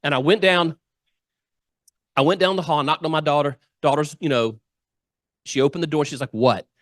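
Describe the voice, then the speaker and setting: A man's voice: on the high side, normal speed, dry recording, clean studio sound. A middle-aged man, giving a humorous storytelling speech and acting out the quotes. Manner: lively anecdotal storyteller, acts out quotes. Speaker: guest speaker. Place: club meeting room.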